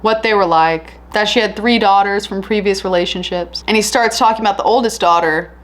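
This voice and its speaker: A woman's voice: medium pitch, a little fast. Chatty woman telling a true crime story. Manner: chatty and candid, animated retelling. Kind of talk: casual true crime narration.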